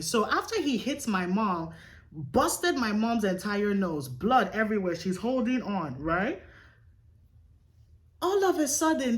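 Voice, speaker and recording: A young woman tells a personal story straight to camera, lively and expressive, with a voice that rises and falls a lot. She sits a little high for a woman and swears freely, stressing words for effect. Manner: animated, profane, emphatic retelling. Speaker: storyteller vlogger. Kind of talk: casual storytime.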